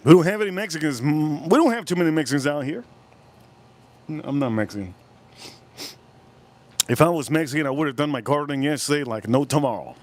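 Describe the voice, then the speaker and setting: Man, Miami accent, somewhat high voice, loose rambling live-stream host. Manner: rambling, drawn-out words. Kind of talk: casual live-stream chat. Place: cold room at home.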